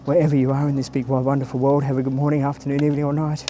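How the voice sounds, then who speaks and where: A man's voice: mid-range voice, little pitch movement, rapid-fire, warm tone, a little hiss or hum. A man giving a chatty, rambling walking-tour vlog outdoors by a stadium, filming on a handheld camera or phone and greeting passers-by. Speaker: travel vlogger.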